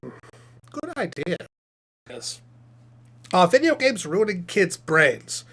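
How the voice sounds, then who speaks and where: A man voicing a chatty, self-satisfied male puppet professor who hosts a live stream, reading chat questions aloud and rambling through them with deadpan jokes. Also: high voice, slow pace, husky, heavily acted.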